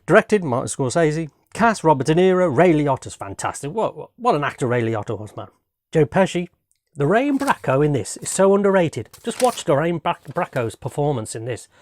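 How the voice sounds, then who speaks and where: A man's voice: a little high, sing-song, moderate pace, dry recording, clean studio sound. A man chatting casually at home, enthusiastic and rambling, often repeating himself. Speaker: home video host reviewing films. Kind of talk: casual chat. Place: home room.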